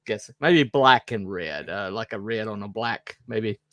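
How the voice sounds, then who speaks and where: A man's voice: on the low side, a little slow, a bit bright, no room sound, clean studio sound. A man from the South, co-hosting a podcast in casual chat, rambling with lots of fillers and joking asides. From Southern United States. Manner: rambling, self-mocking, full of fillers and asides. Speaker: podcast co-host.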